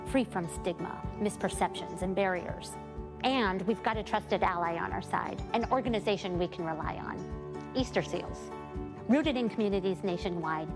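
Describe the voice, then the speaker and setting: A woman delivering a scripted advertisement as spokesperson, earnest and measured. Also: medium pitch. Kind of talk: scripted ad narration.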